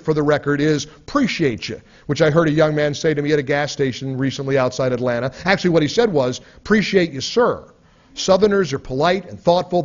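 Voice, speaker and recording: A man reading a nonfiction book aloud in a sarcastic, mocking manner. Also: fairly high pitch. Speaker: audiobook reader. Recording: dull lo-fi recording.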